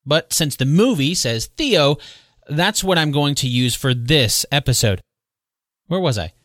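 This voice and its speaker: A man hosting a solo podcast, retelling history in a conversational way with quick asides and self-corrections. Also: on the high side, lively intonation, a bit bright, no room sound, clean studio sound. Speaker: podcast host. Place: home recording space.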